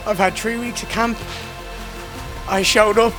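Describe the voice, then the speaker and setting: A man's voice: sits high, fairly even intonation, unhurried, music in the background. A young Irish man in his twenties, a fighter giving an emotional, heartfelt post-fight interview full of swearing. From Ireland. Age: 20s.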